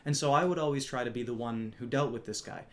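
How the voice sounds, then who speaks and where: A man's voice: medium pitch, quick pace, noisy background. Man, casual storytelling, wry, conversational, slightly smug, casual swearing. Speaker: retail store clerk telling a story.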